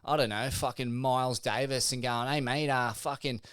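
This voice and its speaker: Sweary Australian man, smooth voice. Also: medium pitch, fairly even intonation, moderate pace, a bit bright, no room sound, studio quality. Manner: rambling, profane, laid-back. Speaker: podcast co-host. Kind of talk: crude casual chat.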